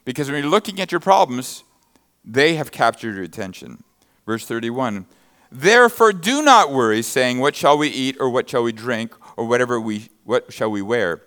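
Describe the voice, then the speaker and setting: A man's voice: mid-range voice, expressive, normal speed, a bit bright. A man preaching a sermon, reading scripture verses and expounding them with emphatic, rising bursts of intensity. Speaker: pastor.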